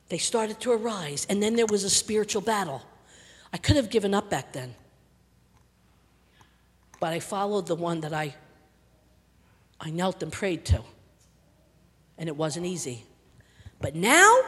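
An older woman preaching a sermon with passion, repeating words for emphasis and swinging from loud to hushed. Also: a little high, breathy edge. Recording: long reverb of a large hall.

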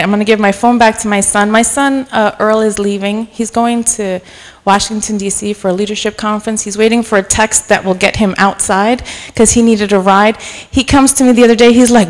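A middle-aged woman gives a sermon in a casual, chatty way. Her voice sits at an ordinary pitch and carries a long reverb, as if heard through a church sanctuary. She jokes at her own expense and then turns warmly earnest. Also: steady tone, moderate pace. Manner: chatty and self-deprecating, softening to earnest encouragement. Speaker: guest preacher. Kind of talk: informal sermon.

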